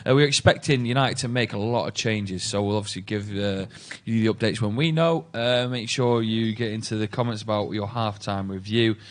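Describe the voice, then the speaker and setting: A man's voice: lowish voice, brisk, few pauses. A man hosting a live football watchalong in a casual, chatty way, laughing and swearing easily. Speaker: host.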